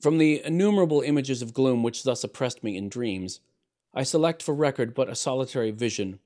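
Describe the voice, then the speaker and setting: Narrating a gothic tale, this man uses an expressive, medium-pitched voice with measured theatricality, building volume on dramatic lines before easing off gently as each one closes.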